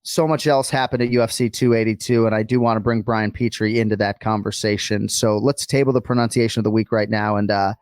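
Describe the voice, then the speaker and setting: A man co-hosting a podcast, talking casually and energetically, with quick asides. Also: lowish voice, steady tone, no room sound, clean studio sound. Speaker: podcast co-host. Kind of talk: casual chat.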